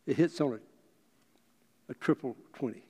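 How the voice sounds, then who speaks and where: A man telling a story to an audience in a deliberate, unhurried speech. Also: mid-range voice, dark tone, breathy edge. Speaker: speaker. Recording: long reverb of a large hall.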